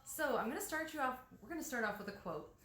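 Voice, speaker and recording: A woman's voice: high voice, expressive, fast, sharp tone. Upbeat woman interviewer. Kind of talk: friendly interview hosting. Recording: echoey room with faint music.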